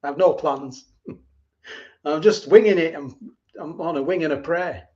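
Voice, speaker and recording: A middle-aged man hosts a livestream, casually answering viewer comments while rambling and repeating himself. His voice is a little high and slightly mellow at a normal speed, carried over dull lo-fi stream audio.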